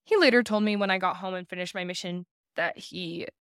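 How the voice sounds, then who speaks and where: A woman's voice: on the low side, brisk, fairly bright tone, clear, resonant tone, no room sound, studio quality. A young woman in her twenties, a podcast guest, telling a personal story in earnest and acting out the people she quotes. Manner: earnest, acts out quoted dialogue.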